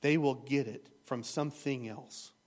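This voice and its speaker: A man's voice: mid-range voice, fairly even intonation, measured pace, a little mellow. A man preaching a sermon as pastor, retelling a story in an earnest, emotional way.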